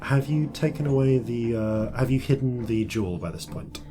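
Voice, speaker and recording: A man's voice: medium pitch, expressive, moderate pace, music in the background. A man narrating as game master of a tabletop game, hesitant and full of fillers. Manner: hesitant, many fillers and restarts.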